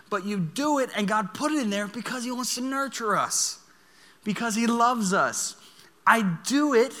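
Young guy pastor telling a funny story, super bright voice, echoey hall. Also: very high-pitched. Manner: animated storytelling, laughing as he goes. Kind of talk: sermon.

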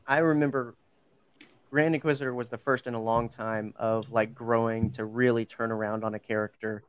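Chatty male podcast host, smooth dry voice. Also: mid-range voice, level tone, normal speed, no room sound. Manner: chatty, full of fillers and self-corrections. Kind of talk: casual podcast chat.

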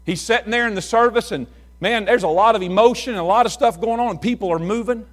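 A middle-aged man preaching a sermon, telling folksy stories and swinging from hushed talk to shouts. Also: high voice, quick pace. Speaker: pastor.

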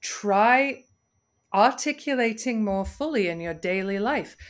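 A woman, a communication coach guesting on a podcast, speaking in a measured, instructive way with deliberate breaths and pauses. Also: mid-range voice, lively intonation.

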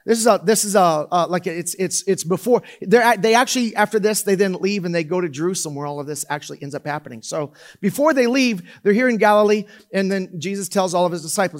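A man's voice: sits high, quick pace, few pauses. A man preaching a casual, conversational sermon in a loose style, full of fillers and restarts. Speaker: pastor.

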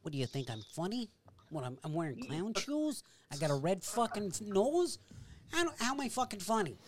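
A man's voice: sits high, very animated, moderate pace, noisy background. A man impersonating a touchy, volatile gangster with a hair-trigger temper and a profane mouth. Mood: menacing. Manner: menacing, then explosive and profane.

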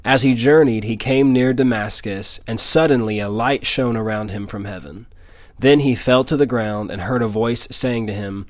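A man's voice: mid-range voice, moderate pace, dry recording. A young man from Louisiana delivers a sermon, moving between scripture and his own story. He repeats key lines for emphasis, and his mid-range voice sits close and dry, with no room sound. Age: 20s. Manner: earnest storytelling, emphatic repetition. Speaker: preacher. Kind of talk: sermon with personal testimony.

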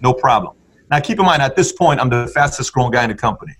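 A man's voice: mid-range voice, lively intonation, quick pace, fairly bright tone, breathy edge. A man on a podcast as a guest, telling his story with emphasis and acting out what people said in different tones. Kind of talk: animated personal storytelling.

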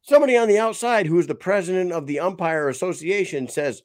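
A man's voice: on the high side, expressive, fast, hardly any pauses, no room sound, clean studio sound. A man in casual sports chat on a podcast, telling rambling, profane stories with lots of animation. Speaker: podcast co-host.

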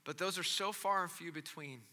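A man preaching a sermon as he tells a story, animated and then softly gentle. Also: a little high, normal speed, big-room sound. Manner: animated, drops to soft gentle tones. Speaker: pastor.

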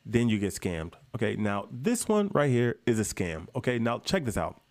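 A man's voice: fairly low pitch, sing-song, moderate pace. A man vlogging to camera in a casual, emphatic way. He keeps calling his viewers guys and repeats points for stress.

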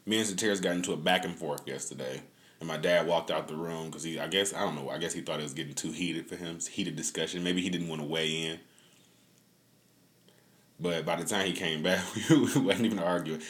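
A man with a very deep, low voice hosts his own podcast, talking casually. He rambles through stories with plenty of cursing and easy laughter. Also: a little fast, a bit bright. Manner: loose, profane, laughing storyteller. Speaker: podcast host.

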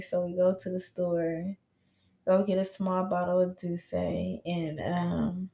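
A woman's voice: on the low side, slow pace, dark tone. Candid young woman telling her story. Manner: casual, rambling, heavy use of "you know" and "like"; candid and swears freely. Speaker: podcast host. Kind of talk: personal storytelling monologue. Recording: roomy echo.

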